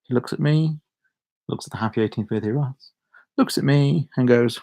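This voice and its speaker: A young man with a Shropshire accent talks to camera in a loose, rambling way, often restarting sentences and chuckling as he goes. His voice sits at an ordinary middle pitch with a noticeably gravelly, creaky edge. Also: moderate pace, mellow. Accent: Shropshire English. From Shropshire, England. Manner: rambling, self-interrupting, chuckles a lot. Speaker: YouTuber. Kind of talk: casual chat to camera.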